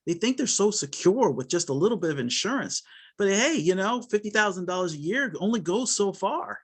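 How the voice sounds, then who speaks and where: A fairly high-voiced man coaching salespeople on a training call. He talks earnestly and loosely, full of fillers and restarts, and slips into acting out what he says to clients. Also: lively intonation, a little fast, fairly bright tone, breathy edge. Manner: earnest, conversational, many fillers and restarts, acts out client dialogue.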